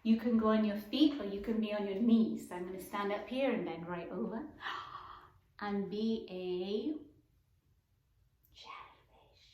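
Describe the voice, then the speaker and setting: A woman teaching a children's circle time lesson in a gentle, encouraging way, sometimes dropping to a whisper. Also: medium pitch, dull audio. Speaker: preschool teacher. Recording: roomy echoey room.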